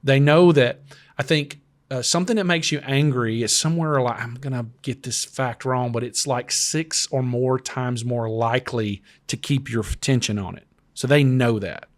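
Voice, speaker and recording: A man's voice: mid-range voice, normal speed. Earnest man giving advice on a podcast. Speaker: podcast co-host. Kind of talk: casual podcast discussion.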